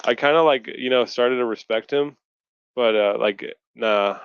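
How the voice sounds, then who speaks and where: A man's voice: medium pitch, measured pace, smooth, no echo, dull audio. A man on a casual video-call chat, ranting and swearing in frustration. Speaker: podcast co-host. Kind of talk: casual post-fight chat.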